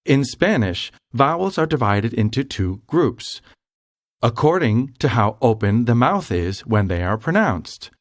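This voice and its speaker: A man narrating a scripted grammar lesson in a slow, careful, explanatory way. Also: mid-range voice, sing-song, dry recording. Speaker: language tutor.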